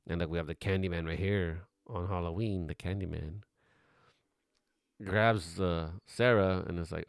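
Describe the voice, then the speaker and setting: A man's voice: sits low, fairly even intonation, normal speed, gravelly, no room sound, studio quality. A man giving a casual, rambling film commentary as host, offhand and swearing now and then.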